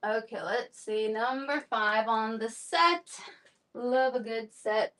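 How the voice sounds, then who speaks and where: A slightly breathless woman runs a live shopping stream, rambling through sizes and prices with lots of fillers. Her voice sits a little high and comes from a bit away from the mic. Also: slow, fairly bright tone, recorded from a distance. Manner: chatty, rambling, fillers and repeats. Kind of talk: live-stream sales chat.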